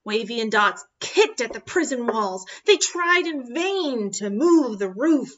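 A woman reading a children's picture book aloud in an expressive, animated way. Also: on the high side, measured pace, muffled recording. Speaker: storyteller.

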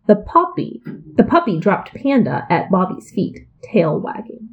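A woman reads a children's picture book aloud with playful emphasis. Her voice is at a middling pitch and carries the story along. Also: big pitch swings, measured pace, lo-fi sound.

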